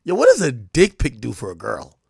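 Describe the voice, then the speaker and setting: Streamer, male, high and very animated voice, profane and shouty, dry close sound. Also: a little fast, gravelly, husky, no room sound. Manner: animated, profane, breaks into loud shouted outbursts. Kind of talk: casual comedic stream commentary.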